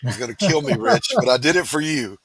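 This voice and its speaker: A man's voice: a little high, expressive, brisk, a crowd in the background. A man co-hosting a livestream in casual chat, joking and teasing the others. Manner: joking, teasing, laughs loudly. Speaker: livestream co-host.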